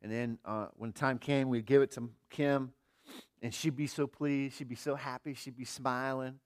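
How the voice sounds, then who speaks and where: A middle-aged male pastor preaching with earnest conviction, his voice sitting at an ordinary mid pitch. He drops to near-quiet, then builds to emphatic rhetorical questions. The sound is dry and close, with no room around it. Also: steady tone, normal speed, no room sound. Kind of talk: sermon.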